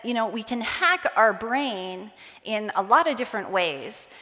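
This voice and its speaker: A woman giving a conference talk on stage, lively and acting out quoted voices. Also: on the high side, unhurried. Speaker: conference speaker. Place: conference hall. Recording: long hall reverb.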